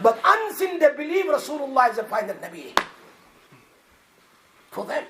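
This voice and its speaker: A man preaching a Friday sermon in a mosque, moving from hushed words to shouts and mixing in Arabic and Hindi-Urdu phrases. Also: very high-pitched, sing-song, moderate pace. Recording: echoey mosque room, faint noise.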